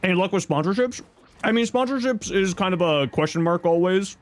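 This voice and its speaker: A man livestreaming in casual chat, reading viewer messages aloud and thanking subscribers, thinking out loud. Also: fairly quick. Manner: squeaky high-pitched outbursts of surprise. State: chewing an apple.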